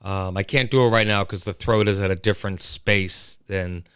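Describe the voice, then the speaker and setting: A man's voice: on the low side, normal speed, clean tone, no echo, clean studio sound. A man hosting a casual solo livestream, rambling and chatting straight to his listeners. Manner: animated, rambling, talks to listeners. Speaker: host.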